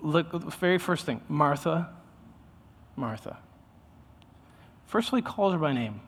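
A man's voice: fairly high pitch, sing-song, fast talker, breathy edge, in a large hall. A man preaching a sermon in a loose, conversational way, often restarting his sentences. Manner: conversational, self-interrupting, with many restarts. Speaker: pastor.

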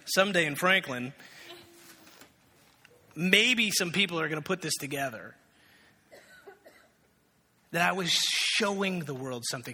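Male pastor, fairly high bright voice, storytelling sermon, reverberant church. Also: measured pace, pauses often, husky. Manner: animated storytelling, acting out characters, then hushed and prayerful.

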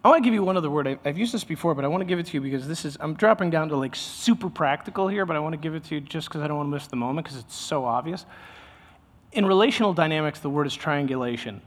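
A man's voice: on the high side, lively intonation, racing, long reverb tail. A man preaching a sermon in a loose, conversational way, often restarting his sentences. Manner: conversational, self-interrupting, with many restarts. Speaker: pastor.

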